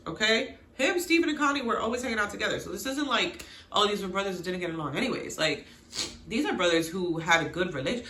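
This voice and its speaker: Woman host, bright and forceful, lively and exclaiming, casual recap chat, roomy echo. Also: medium pitch, fairly quick. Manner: animated, exclaiming, talks to viewers as "girl" and "y'all". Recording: echoey room.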